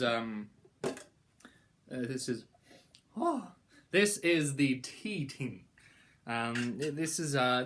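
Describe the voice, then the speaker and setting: A man's voice: medium pitch, sharp tone, slight background noise. A young man giving a casual product review, rambling and playful, with mock-grand praise.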